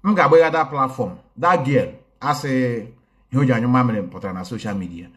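A man's voice: mid-range voice, fast talker, a bit bright. A man commenting casually on a livestream, mixing languages and greeting viewers one by one. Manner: code-switching, greets viewers by name. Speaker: online activist commentator. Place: indoors, recorded in a home in a city.

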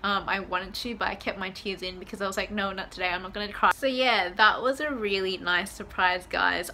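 Bright, chatty young woman vlogging. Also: medium pitch, slight background noise. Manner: chatty, excitable, swears casually. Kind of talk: casual vlog storytelling. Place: out and about, shops and hotel room. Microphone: handheld phone camera.

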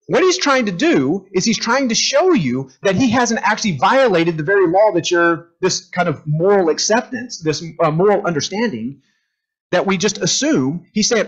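Male teacher, fairly high husky voice, lively lecture style, dull lo-fi room recording. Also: moderate pace. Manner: animated, asks the room questions, acts out quotes. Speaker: teacher leading a group class. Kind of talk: conversational classroom lecture.

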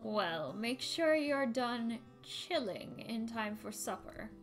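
A woman voicing a wry old grandmother in a game, speaking slowly and teasingly. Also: on the high side, expressive, soft background music. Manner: slow, drawn-out and teasing. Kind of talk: reading game dialogue aloud.

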